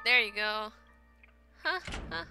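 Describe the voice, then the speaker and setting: A woman's voice: mid-range voice, animated, slow pace, over loud music. A woman playing a horror game and commenting casually, muttering to herself and reacting with exasperation. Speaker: let's play gamer.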